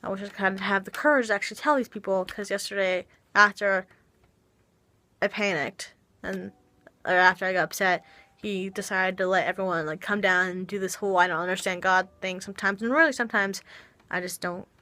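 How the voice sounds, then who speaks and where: A young woman speaks haltingly in a confessional vlog, stopping and restarting her sentences and sighing between them. Her voice is bright and tense. The sound is close and dry. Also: medium pitch, fairly even intonation, dry recording. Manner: halting, hesitant, with many restarts and sighs. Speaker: vlogger. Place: home.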